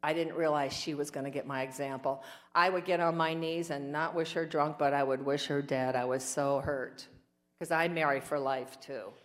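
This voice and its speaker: Woman, low voice, recovery meeting speaker, rambling emotional storytelling, acts out quoted voices. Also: fairly even intonation, moderate pace.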